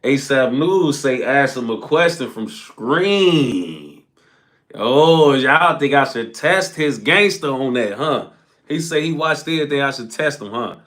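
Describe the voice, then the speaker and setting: A young man on a casual live stream, reading viewer comments aloud and ending phrases with a low trailing "folks.". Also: expressive, unhurried, fairly bright tone.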